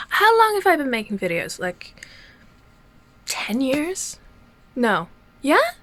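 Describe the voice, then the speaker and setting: High-voiced rambling woman vlogger. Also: huge pitch swings, takes it slowly, long pauses, fairly bright tone, dry recording, poor audio. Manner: rambling, chatty, self-deprecating. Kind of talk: casual get-ready-with-me chat.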